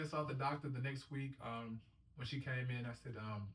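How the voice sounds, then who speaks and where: A man's voice: medium pitch, steady tone, normal speed. A man, a dialysis patient, telling his story in an earnest, upbeat way, acting out quotes, recorded on a distant mic in a roomy space. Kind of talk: casual personal storytelling.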